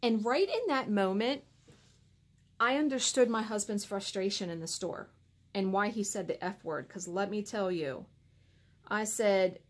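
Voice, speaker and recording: Casual woman vlogger, animated and exasperated storyteller, medium pitch. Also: moderate pace. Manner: animated, exasperated retelling with acted-out quotes. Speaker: cross stitch vlogger.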